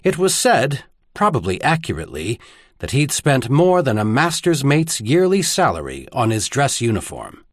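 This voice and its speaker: A man narrating a novel in a measured, expressive storytelling manner. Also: medium pitch, no room sound, studio quality. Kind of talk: audiobook narration.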